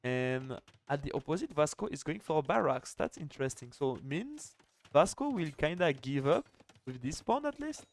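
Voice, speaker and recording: A man's voice: a little high, big pitch swings, moderate pace. A young man casting a live strategy game final, chatty and joking, with lots of "like" fillers. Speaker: esports caster.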